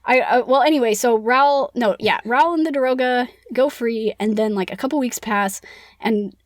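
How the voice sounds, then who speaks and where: Give me a young woman with a slightly high voice, chatty podcast co-host recapping a book. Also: moderate pace, no echo. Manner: chatty, heavy use of "like".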